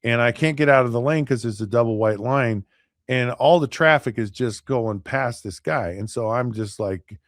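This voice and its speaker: A man's voice: mid-range voice, moderate pace, no echo. Guy on a podcast telling a story, acts out the voices, lots of restarts, dry close sound. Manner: animated, acts out both sides of a dialogue; repeats words and restarts often. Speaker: podcast host. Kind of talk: casual storytelling.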